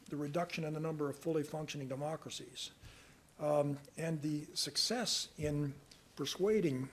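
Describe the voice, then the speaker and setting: An older man from Canada answering reporters' questions at a press conference in a measured, deliberate way, at times reading aloud from a report. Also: a little high, slight background noise. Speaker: special rapporteur at a press conference.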